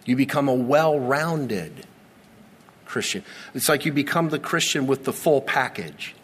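A man's voice: medium pitch, sing-song, a bit bright, husky. Man preaching in a reverberant church. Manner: earnest preaching with dramatic slow pauses and repetition. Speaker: pastor. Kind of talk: sermon. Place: church sanctuary. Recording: long reverb of a large church hall.

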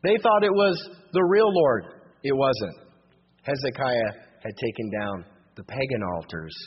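A man's voice: mid-range voice, expressive, measured pace, a little hiss or hum. A male pastor teaching a Bible passage verse by verse, reading scripture aloud and then restating it in plain, everyday speech. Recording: muffled radio broadcast with long reverb.

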